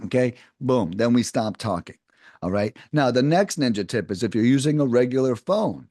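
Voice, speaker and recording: A man coaching sales callers in a relaxed, chatty lesson, his pitch swinging up and down as he acts out lines. The sound is dry and close, with no room around it. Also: normal speed, no room sound. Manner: animated, talks to viewers as guys, acts out sample phone lines. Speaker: cold calling sales trainer. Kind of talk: casual coaching lesson to camera.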